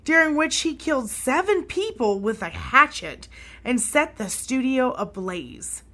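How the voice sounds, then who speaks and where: A woman co-hosting a history podcast in a casual, chatty voice. She reads out stories and breaks off to react with quick exclamations and comments. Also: high-pitched, big pitch swings, a bit bright. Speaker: podcast co-host.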